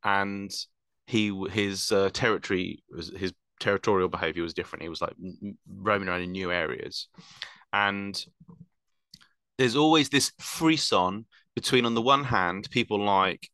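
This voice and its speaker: A man's voice: deep voice, normal speed, pushed and bright, clean tone, no echo. A man explaining wildlife at length in casual chat, rambling with fillers and self-corrections.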